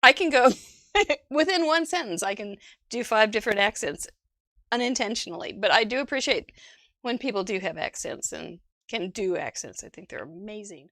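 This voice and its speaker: A woman hosting a casual craft show, chatting warmly about viewers' cards and laughing often. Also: medium pitch, animated, moderate pace, dry recording, studio quality. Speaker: host.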